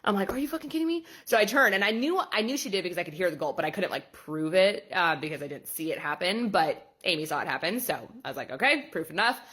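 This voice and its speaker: A woman's voice: fairly low pitch, fast, few pauses, slightly rough. A young woman who runs a boudoir photography studio tells a story in a storytime vlog, bluntly and with plenty of swearing. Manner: blunt and sweary, animated retelling.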